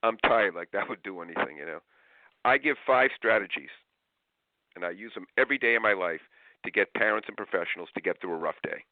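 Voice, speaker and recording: A man talking as an interview guest about parenting, telling stories in an animated way and acting out parents and kids in raised voices. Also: deep voice, a little fast, no room sound. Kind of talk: lively interview storytelling. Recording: tinny phone-like line.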